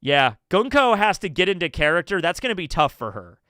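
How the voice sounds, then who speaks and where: A man's voice: sits high, big pitch swings, a little fast, sharp tone, smooth, no room sound, studio quality. A man streaming live, rambling through casual commentary, swearing and laughing as he goes.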